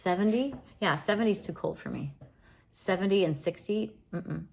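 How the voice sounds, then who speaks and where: A woman's voice: medium pitch, moderate pace, gravelly. A woman livestreaming at home, chatting casually in a rambling way with many restarts.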